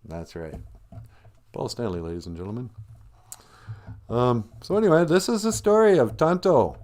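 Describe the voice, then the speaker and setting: A livestream host speaks with a medium-pitched, slightly mellow voice, lively intonation and a moderate pace. He casually spins a rambling, jokey story on the fly, slipping into silly voices for the characters.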